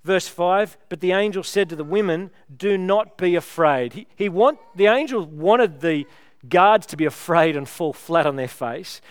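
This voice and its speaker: A man's voice: high voice, moderate pace, smooth, no room sound. A man preaching a sermon, retelling a story with rhetorical questions in a conversational way.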